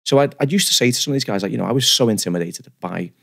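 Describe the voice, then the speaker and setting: A man, telling stories as a podcast guest in an animated, self-deprecating, rambling way. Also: mid-range voice, rapid-fire, gravelly, slightly rough. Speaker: guest barber. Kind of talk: casual podcast storytelling.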